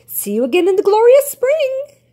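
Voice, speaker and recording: A woman voicing a cheerful little female yellow bird who acts as a teacher, with excited, chirping delivery. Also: extremely high pitch, moderate pace, voice pushed up. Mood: delighted.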